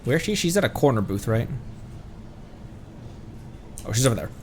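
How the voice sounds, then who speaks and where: A man's voice: mid-range voice, very animated, normal speed, slight background noise. Playful man streaming a game. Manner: playful, joking, reads dialogue aloud. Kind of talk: casual gameplay commentary. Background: faint game music.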